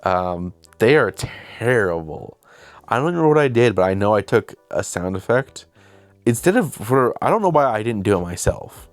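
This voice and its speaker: A man's voice: lowish voice, big pitch swings, moderate pace, dry recording, soft background music. A young man hosting his own channel, telling a casual, rambling, self-deprecating story about making a film. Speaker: video host and filmmaker.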